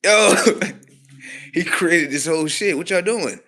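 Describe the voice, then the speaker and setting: A man rambling on a casual livestream, profane and slangy, laughing often and swinging between loud outbursts and low mumbles. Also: slow pace.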